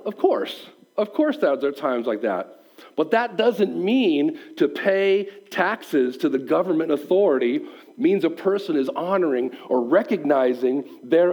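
Man preaching a sermon, high voice, lively swooping delivery, conversational. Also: low-quality recording. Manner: animated, acts out quoted voices; conversational, asks the listeners questions. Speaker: pastor.

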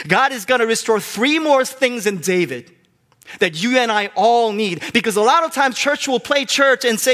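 Male pastor, high-pitched voice, fervent sermon delivery that swings between big and hushed. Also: lively intonation, moderate pace. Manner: impassioned preaching, swinging from loud high bursts to quiet hushed storytelling.

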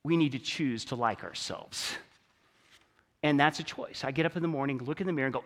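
A preacher talks to his church in an easy, conversational sermon. His voice sits high for a man, and he moves between loud, emphatic stretches and quiet, low ones. A long reverb from the sanctuary trails after his words. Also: animated, a little fast.

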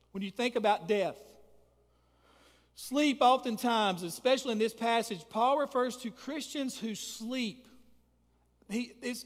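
Man preaching, high-pitched voice, emphatic and repetitive, long church reverb. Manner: emphatic, repeats phrases, builds to loud peaks. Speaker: pastor. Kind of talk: sermon with prayer. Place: church sanctuary.

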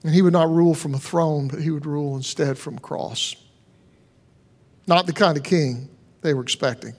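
A man with a notably high voice delivers a sermon from the pulpit. He preaches in an earnest, conversational manner, leaning on rhetorical questions to draw listeners in. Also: normal speed. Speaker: pastor.

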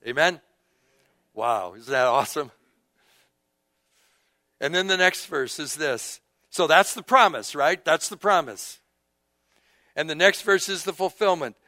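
A male pastor preaching, his voice sitting a little higher than most men's. He reads scripture aloud, drops to a hush, then rises into emphatic phrases. The sound is dry and close, with no room echo. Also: lively intonation, measured pace, long pauses. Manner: call-and-response with the congregation. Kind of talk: sermon.

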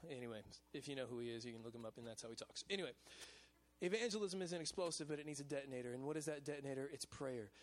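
A male pastor of a college ministry, preaching a lively sermon in a casual, chatty way at a church service. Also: mid-range voice, very fast. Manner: casual and chatty, with repeated "man" and "you know what I'm saying".

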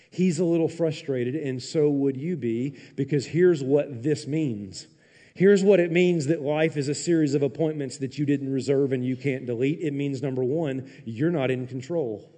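Animated pastor preaching in a reverberant hall. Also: male voice, normal speed. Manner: animated, sarcastic, acts out mock quotes in pitched-up voices. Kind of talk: sermon. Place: church.

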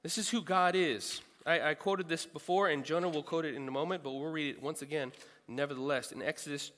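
Emphatic male preacher with bright voice. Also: fairly high pitch, steady tone, brisk, big-room sound. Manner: earnest, emphatic, repeats for stress. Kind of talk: sermon. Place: large meeting room.

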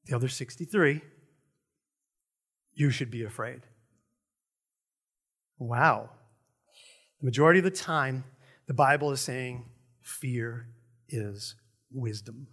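A man's voice: mid-range voice, measured pace, long pauses. A middle-aged man preaching a sermon in a conversational way, with joking asides about himself. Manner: animated, conversational, self-deprecating asides. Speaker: pastor.

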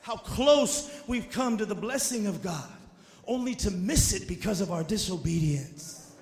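A man preaching a sermon in a church, fervent and often shouting. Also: high-pitched, animated, measured pace, reverberant.

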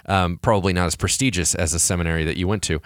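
A man who is a pastor and podcast co-host, telling stories in a casual, animated way, acting out quoted voices. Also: sits low, fast talker, dry recording, clean studio sound. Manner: animated storyteller, acts out quoted voices, frequent restarts.

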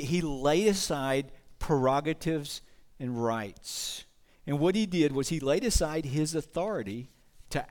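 Earnest male pastor, fairly high voice. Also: darkish tone. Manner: earnest, asks the congregation questions. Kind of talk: sermon.

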